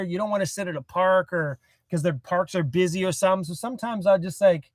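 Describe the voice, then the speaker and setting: A laid-back man with a fairly high voice rambles through a casual phone livestream from inside his parked van. The sound is dry and close, with no room echo. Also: a bit bright. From Canada. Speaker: van life vlogger. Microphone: cell phone.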